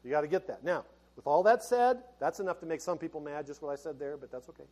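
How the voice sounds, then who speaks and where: A man's voice: on the high side, lively intonation, quick pace, darkish tone. A middle-aged male pastor preaching a sermon in a folksy, conversational way, laughing and restarting as he talks.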